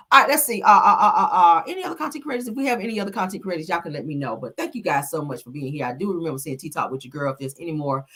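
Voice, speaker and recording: A woman hosting a casual gossip live stream, sassy and animated with lots of call-outs to chat. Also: low-pitched, breathy edge.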